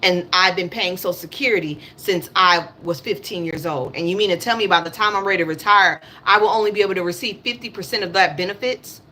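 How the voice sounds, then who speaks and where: Talking fast with few pauses, this livestream host, a woman in her thirties, rants bluntly about politics in African American English. She swears and hammers her points repeatedly in a lowish, pushed, bright voice over slight background noise.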